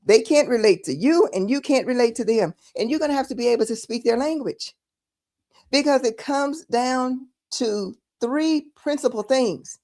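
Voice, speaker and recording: Emphatic Texan woman, fairly high voice. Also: normal speed, warm tone. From Texas. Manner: emphatic, repeats words for stress. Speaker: political commentator. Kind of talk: casual political commentary.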